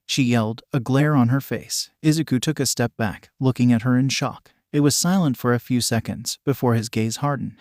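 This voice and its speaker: A synthetic male narrator reads a story in a flat, mechanical way, sometimes spelling out punctuation. His pitch sits in the middle of the range, and the sound is dry and close. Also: normal speed, few pauses, no echo. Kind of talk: text-to-speech reading of fan fiction.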